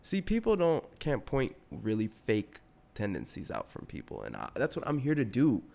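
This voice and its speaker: A man's voice: medium pitch, wildly swooping pitch, moderate pace, gravelly, darkish tone. A young adult man hosting a podcast solo, rambling in a slangy, profane, casual way. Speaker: podcast host.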